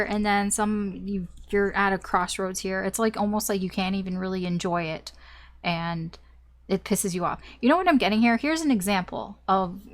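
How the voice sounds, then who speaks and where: Chatty woman giving a casual tarot reading. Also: mid-range voice. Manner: chatty, rambling, with fillers and mild swearing. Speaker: tarot reader.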